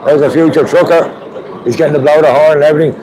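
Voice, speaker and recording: A man's voice: a little high, fairly even intonation, fast. A man with an Irish accent hosting a live stream from a street protest, chatting with viewers. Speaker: livestream host. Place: outdoor street protest with trucks. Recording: crowd noise behind. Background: crowd and vehicle noise.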